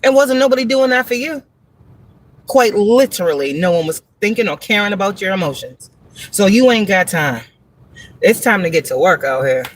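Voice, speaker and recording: A woman giving a live tarot reading, blunt and profane, talking emphatically with frequent laughs and rhetorical questions. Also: lowish voice. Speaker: tarot reader on a livestream.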